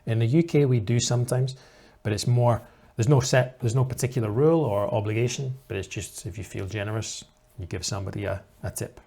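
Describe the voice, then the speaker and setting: A man with a mid-range voice talks as an English teacher commenting on a video for learners. He explains each point patiently and clearly, in a steady teaching tone. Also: mid-range voice, brisk.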